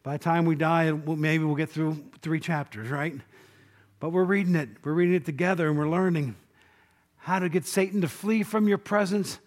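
A male preacher giving an informal Bible class sermon, talking conversationally, asking the class questions and acting out quotes, dropping to a low, quiet voice on key points. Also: steady tone, moderate pace.

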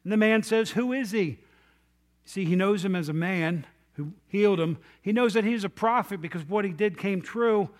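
A middle-aged man delivers a sermon as a pastor, retelling a Bible story with lively storytelling. His voice sits high for a man. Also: normal speed, hardly any pauses.

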